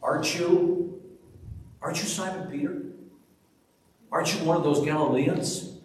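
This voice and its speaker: A man's voice: on the high side, measured pace, slight background noise, pitched above the performer's own voice, close to an everyday voice. A suspicious man presses his accusation in a raised, insistent voice, as a preacher acts him out. He keeps repeating himself. The sound is a long, echoey hall picked up from a distance. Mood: accusing. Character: suspicious male bystander accusing Peter. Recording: echoey hall, mic far off.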